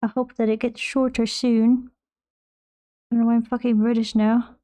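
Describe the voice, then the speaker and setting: A woman's voice: on the high side, little pitch movement, moderate pace, dark tone. A woman streaming while she paints, chatting in a rambling, jokey way and slipping into silly voices. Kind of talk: casual chat while painting.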